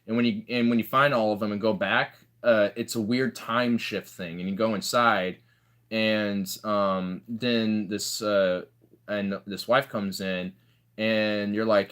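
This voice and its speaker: A man's voice: lowish voice, fairly even intonation, unhurried, fairly bright tone. A young man in casual chat, rambling through stories with lots of fillers and restarts. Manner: rambling, filler-heavy storytelling.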